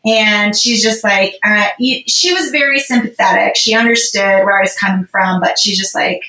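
A woman's voice: medium pitch, moderate pace, sharp tone. A woman guest on a podcast, telling a personal story in a casual, rambling way with lots of fillers. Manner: rambling, emotional, heavy on fillers. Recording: roomy echo.

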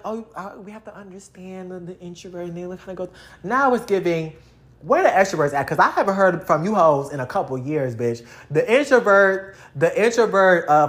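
A woman ranting casually to camera, blunt and profane, with lots of slang, addressing her viewers directly. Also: low-pitched. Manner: talks straight to viewers, addressing them. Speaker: vlogger.

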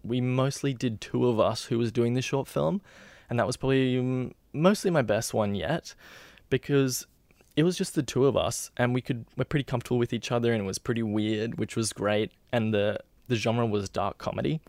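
A man's voice: mid-range voice, moderate pace, a little mellow, dry recording. A man, an aspiring actor and filmmaker, giving chatty, rambling advice to camera and laughing at himself. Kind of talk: casual advice talk to camera.

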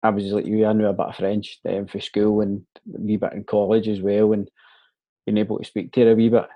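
A man's voice: on the low side, flat delivery, brisk, dry recording, dull audio. A Scottish man hosting a casual chat, talkative and matey, often calling his guest mate or man.

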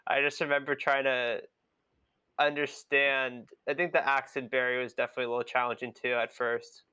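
Young American man, bright crisp voice. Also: mid-range voice, little pitch movement, brisk, no room sound. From United States. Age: young adult. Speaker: podcast host. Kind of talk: casual chat.

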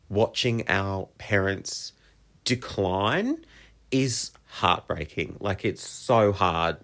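Male podcast host, 40s, slightly low voice, candid and reflective solo delivery. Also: fairly bright tone. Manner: open, heartfelt and reflective.

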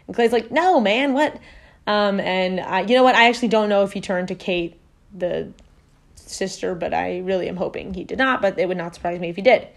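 A woman's voice: mid-range voice, steady tone, brisk, gravelly. Rambling woman telling a story. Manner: rambling, full of fillers and self-corrections. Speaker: podcast host. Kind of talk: casual storytelling. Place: at home.

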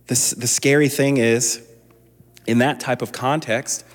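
A man's voice: mid-range voice, unhurried, long pauses, slightly rough. A man preaching a sermon as a pastor, talking conversationally with frequent restarts and building to impassioned emphasis. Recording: long reverb of a large hall.

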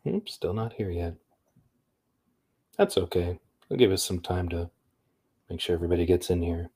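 A man's voice: low-pitched, moderate pace, dark tone, breathy edge. A man hosting a livestream in a rambling, upbeat, chatty way. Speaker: livestream host. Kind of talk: casual livestream chat.

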